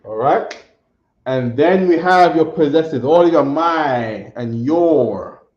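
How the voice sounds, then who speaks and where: A man's voice: fairly high pitch, lively intonation, slow. A man teaching a language class, patient and teasing, repeating phrases often. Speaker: Hebrew teacher. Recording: roomy dull classroom audio.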